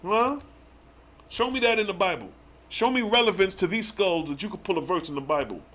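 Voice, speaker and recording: A man hosting a live religious stream, reading verses slowly and then breaking into excited slang commentary with rhetorical questions. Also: high-pitched. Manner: challenges the listeners with rhetorical questions. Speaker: religious livestream host. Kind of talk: live scripture teaching.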